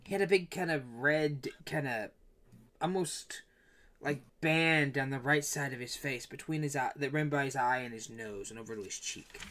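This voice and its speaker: Hesitant small-shop jeweler played by a man, mid pitch, full of ums and restarts, cagey. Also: normal speed, a bit bright, lightly acted. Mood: wary. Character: nervous middle-aged male shopkeeper jeweler.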